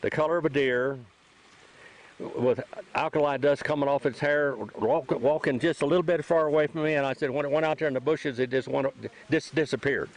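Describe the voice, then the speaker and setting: A man's voice: on the high side, fairly even intonation, brisk, low-quality recording. An older man hosting a casual outdoor chat, telling a rambling story and repeating himself as he acts out what people said. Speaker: host and sighting witness. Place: outdoors near a trailhead.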